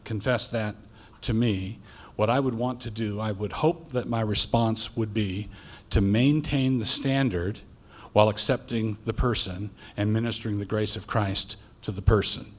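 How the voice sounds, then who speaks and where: A middle-aged male pastor giving a deliberate, halting answer in a debate. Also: fairly low pitch, steady tone.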